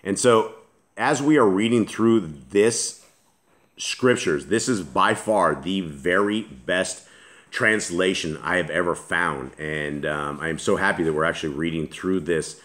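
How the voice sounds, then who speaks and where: A man's voice: sits low, a little slow, a bit bright. A man reading scripture aloud and commenting on it as a Bible teacher, earnest and emphatic, often restarting his sentences.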